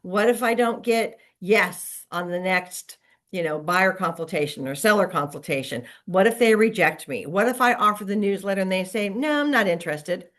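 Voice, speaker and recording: A middle-aged woman with a medium-pitched voice speaks at a moderate pace, coaching real estate agents in a casual motivational talk. She is lively and conversational, acting out quoted lines as she goes.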